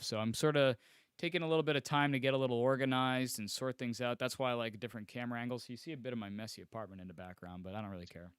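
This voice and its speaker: A man's voice: mid-range voice, quick pace, clear, resonant tone, no room sound, clean studio sound. A man co-hosting a casual podcast from his apartment, talking in a rambling way full of restarts and fillers. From not from the UK. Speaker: podcast co-host. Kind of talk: casual chat. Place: home apartment.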